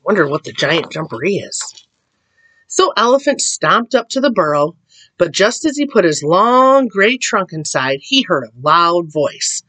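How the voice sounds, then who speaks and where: A woman reading a picture book aloud to children, slow and expressive, with little asides. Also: fairly low pitch, dry recording. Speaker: storyteller.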